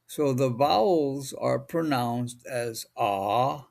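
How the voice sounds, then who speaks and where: A man from Hawaii giving a recorded language lesson, slow, deliberate and patient, drawing out each sound. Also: medium pitch, vocal fry, darkish tone. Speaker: language teacher.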